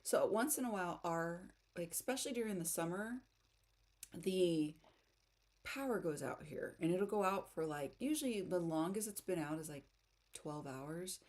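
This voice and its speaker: A chatty, giggly woman from the United States talks casually with her live audience, laughing at herself as she goes. Her voice sits a little low for a woman. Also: expressive, moderate pace, a little mellow. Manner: chatty, giggly, self-deprecating. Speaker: writing livestream host. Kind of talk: casual chat reading live comments.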